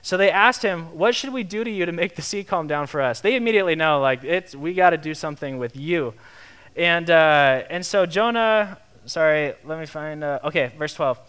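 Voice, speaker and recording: A young man preaching a sermon in a lively, conversational way, acting out the quotes he tells. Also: a little high, normal speed, clear, resonant tone. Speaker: pastor.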